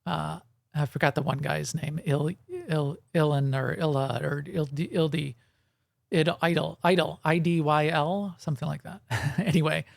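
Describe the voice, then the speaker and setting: A man's voice: on the high side, fairly even intonation, moderate pace, vocal fry, dry recording, clean studio sound. A man co-hosting a gaming podcast in casual chat, rambling and correcting himself, with frequent chuckles. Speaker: podcast co-host.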